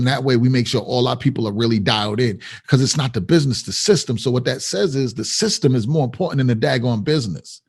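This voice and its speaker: A man's voice: medium pitch, lively intonation, fairly quick, slightly rough. A man co-hosting a podcast, talking emphatically and hammering his points home by repeating them. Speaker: podcast co-host. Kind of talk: casual podcast conversation.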